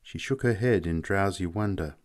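A man narrating a story aloud in a measured storytelling manner. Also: sits low. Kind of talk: audiobook narration.

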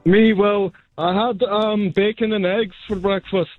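A man's voice: high voice, fairly even intonation, a little slow, soft background music. A man calling in on a phone line, faking a Scottish accent and playing it straight. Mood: deadpan. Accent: fake Scottish. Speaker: caller.

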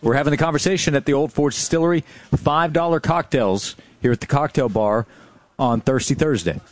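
A man's voice: a little high, no room sound. A man hosting a sports radio show live from a bar, reading upbeat promotions and steering to callers. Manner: brisk, upbeat promotional delivery. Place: live broadcast at a distillery bar.

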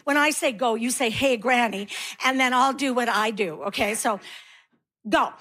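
Sassy high-voiced woman comic in her 60s. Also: moderate pace, bright, forceful tone. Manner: sassy, conversational, talks directly to the audience. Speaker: stand-up comedian. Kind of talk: stand-up comedy routine.

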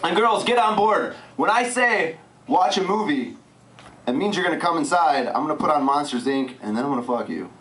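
A young man in his twenties tells self-mocking stand-up stories in a fairly high, lively voice. He sounds roomy and a little distant from the mic, with clear noise behind him. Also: a little fast. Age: 20s. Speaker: stand-up comedian. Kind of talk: stand-up comedy set. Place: comedy club stage. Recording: roomy, distant club recording. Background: audience laughter.

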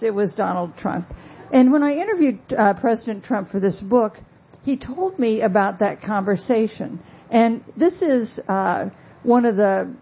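Husky woman author giving a book talk. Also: mid-range voice, warm tone, dull audio. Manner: conversational, frequent fillers, wry asides.

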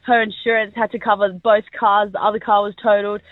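A woman's voice: medium pitch, flat delivery, fast, no room sound. A young woman in her twenties with an Australian accent calling in to a radio show, chatty and full of fillers. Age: 20s. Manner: chatty, filler-heavy storytelling. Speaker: caller. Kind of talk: telling a story on air. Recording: dry tinny phone line.

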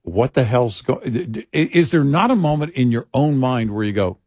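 A man from Texas co-hosting a talk radio show, lively and incredulous, with halting restarts. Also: mid-range voice, husky, dry recording, studio quality. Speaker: radio co-host.

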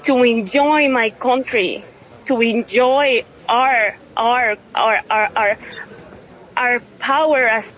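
A woman in her thirties from Venezuela, tearful and overwhelmed, speaking haltingly with many restarts in an emotional interview over a phone line. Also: on the high side, a bit bright. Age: 30s.

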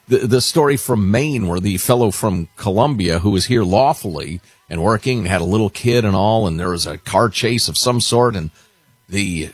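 Male talk radio host, casual political chat, sardonic, husky voice, dry studio sound. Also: lowish voice, no echo.

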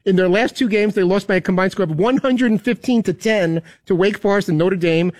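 A man co-hosting a sports show, delivering his best-and-worst picks in a quick, punchy way with jokes. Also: high voice, darkish tone, dry recording.

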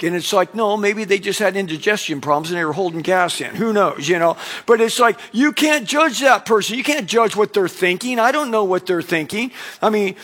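A man preaching a conversational sermon as a pastor, telling stories and acting out quick bits of dialogue. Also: high voice, a bit bright. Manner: conversational preaching with acted-out anecdotes.

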